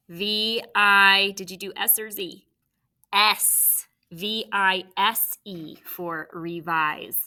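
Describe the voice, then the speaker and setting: A woman's voice: medium pitch, sharp tone. A woman teacher leading a spelling lesson, sounding out words letter by letter.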